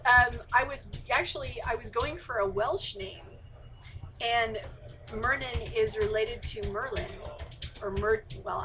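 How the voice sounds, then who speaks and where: Answering audience questions she reads aloud, a woman author keeps things chatty and full of fillers in a relaxed online Q&A. She has a mid-range voice, and there's background noise around her indoor remote live stream.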